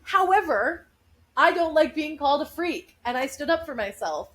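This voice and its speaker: Woman, podcast co-host, casual chat, animated and chatty, fairly high voice. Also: moderate pace, rough recording. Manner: animated, chatty, laughs while telling stories. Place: home living room.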